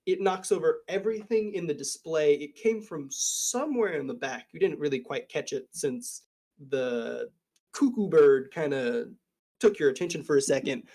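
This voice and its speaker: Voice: medium pitch, expressive, moderate pace, mellow. A game master narrating a tabletop game, improvising with frequent fillers.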